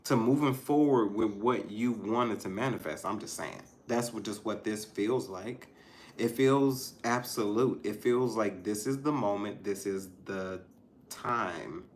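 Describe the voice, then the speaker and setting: A man's voice: lowish voice, a little slow, slight background noise. Man doing a tarot reading. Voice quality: musing, stops and restarts, soft laughs. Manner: talks straight to the viewers. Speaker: tarot reader. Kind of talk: casual tarot reading to viewers.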